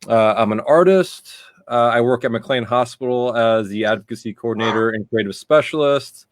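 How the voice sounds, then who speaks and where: A male guest on an online talk show, relaxed and self-deprecating, often stumbling over his words. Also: medium pitch, moderate pace, dry recording, studio quality. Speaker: guest, mental health advocate. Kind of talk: casual interview talk.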